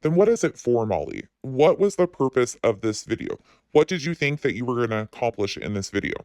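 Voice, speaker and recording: A man's voice: mid-range voice, sing-song, a little fast, a little mellow, smooth, dry recording. Pointed man's commentary voice-over, dry sound. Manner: pointed, questioning. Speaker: channel host, commentator.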